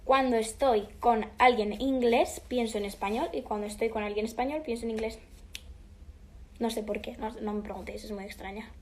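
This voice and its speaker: A woman's voice: fairly high pitch, fairly even intonation, quick pace, a little mellow, slight background noise. Bubbly teen girl chatting on a livestream. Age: teens. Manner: chatty and bubbly, switching between English and Spanish, often drops to a whisper. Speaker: livestream host answering fan questions. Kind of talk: casual livestream chat.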